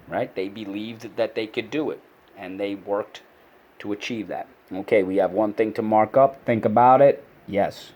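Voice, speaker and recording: A man's voice: on the low side, a little mellow. A man teaching a vocabulary lesson to kids, explaining word meanings and leading call-and-response drills. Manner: explains with many fillers and restarts.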